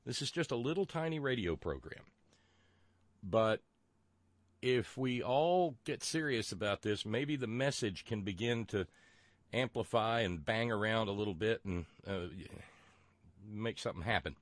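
A man's voice: on the low side, expressive, measured pace, no room sound. A man with a Southern US accent from West Virginia, hosting a radio talk show in a folksy, rambling way with many fillers and restarts.

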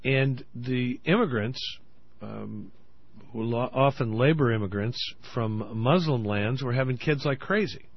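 A man's voice: mid-range voice, measured pace, dry recording, highs cut off. A man in a played interview clip, talking earnestly with many ums and uhs. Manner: hesitant, many fillers, earnest. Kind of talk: interview talk.

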